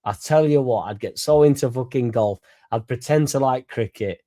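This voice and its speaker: Tipsy, sweary football fan. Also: male voice, mid-range voice, normal speed, dark tone. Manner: rambling, sweary and laddish, laughing between lines. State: a bit drunk. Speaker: fan channel host. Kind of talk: casual livestream chat.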